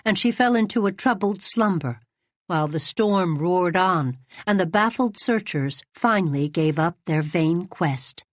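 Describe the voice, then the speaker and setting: Woman audiobook narrator, lowish voice, steady storytelling, dry close-mic sound. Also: dry recording. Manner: even, measured storytelling.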